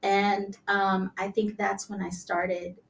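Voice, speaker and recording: A young adult woman, a singer-songwriter guest, telling her life story in a casual interview, reflective and soft-spoken, often trailing off with fillers. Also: medium pitch, flat delivery, slow, vocal fry, recorded from a distance, over a noisy crowd.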